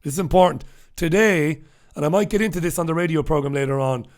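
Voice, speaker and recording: A man's voice: fairly high pitch, fast talker. An Irish man hosting a solo newspaper review show, talking bluntly and sarcastically with profane asides while he reads out viewers' comments. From Ireland. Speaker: host. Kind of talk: solo news review show, reading live chat comments.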